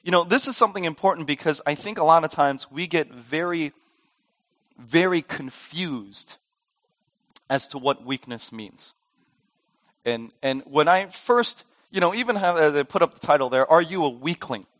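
Lively, high-voiced man preaching. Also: normal speed. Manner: animated storytelling, acts out voices in a joke. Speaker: pastor. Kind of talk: sermon.

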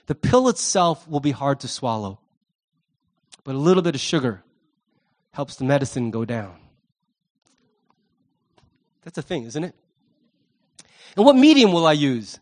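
A pastor preaching a sermon, animated, acting out the voices he quotes and repeating words as he starts a thought. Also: fairly high pitch.

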